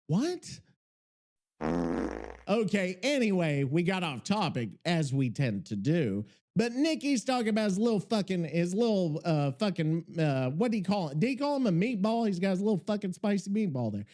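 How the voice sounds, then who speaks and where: Male podcast host, excitable and rambling, heavy swearing; high, very lively voice. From Missouri. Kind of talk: casual podcast chat.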